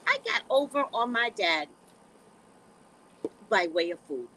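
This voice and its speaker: A middle-aged woman with a New York accent, hosting a casual talk show with animated, comic storytelling. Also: medium pitch, slow, low-quality recording. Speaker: show host.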